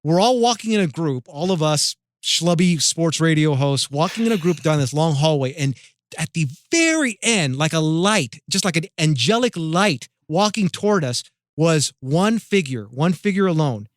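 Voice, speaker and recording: Male podcast guest, casual animated storyteller, fairly high voice, dry close mic. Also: moderate pace, no room sound. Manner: animated storyteller with many restarts. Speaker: guest radio host.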